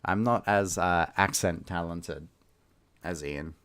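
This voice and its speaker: A man's voice: low voice, slow pace, a bit bright, smooth. A man reading a short story aloud, with loose, chatty asides where he laughs at himself. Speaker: reader and host.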